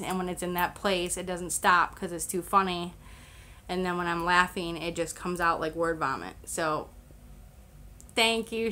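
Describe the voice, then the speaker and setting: A young woman speaks in a lowish voice that sounds pushed and bright while chatting on her own livestream. Recording at home with a camera on a selfie stick, a fan running in the room, she rambles casually, leaning on fillers and laughing often.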